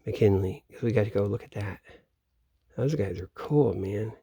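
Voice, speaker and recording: Low-voiced man in a rambling, profane monologue. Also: normal speed, gravelly, mellow, slightly rough, no echo, clean studio sound. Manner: profane, meandering, trails off mid-sentence. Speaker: vlogger. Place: home in Florida, at night.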